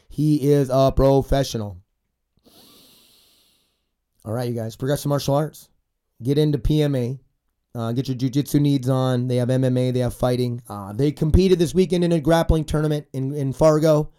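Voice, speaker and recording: A man's voice: mid-range voice, warm tone, clean tone. Congested, profane American man in his forties. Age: 40s. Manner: profane, rambling, ranting. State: congested, stuffy from a cold. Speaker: podcast host. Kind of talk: casual podcast monologue.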